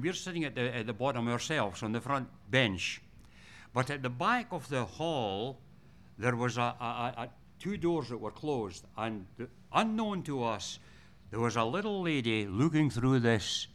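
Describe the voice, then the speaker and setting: A man's voice: mid-range voice, fairly bright tone. A man preaching a sermon, telling personal stories earnestly and often restarting his words.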